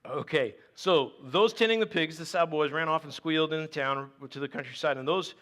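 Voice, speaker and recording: A man with a bright, somewhat high voice preaching a sermon. He reads scripture aloud, then breaks into animated, joking asides as a pastor speaking to his congregation. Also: a little fast. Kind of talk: conversational sermon.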